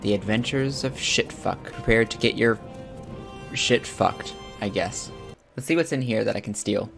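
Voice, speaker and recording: A man giving crude, joking commentary while playing a video game, with loud excited outbursts. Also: lowish voice, normal speed, gravelly, music in the background. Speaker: gamer streaming his own play. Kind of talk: profane let's-play commentary.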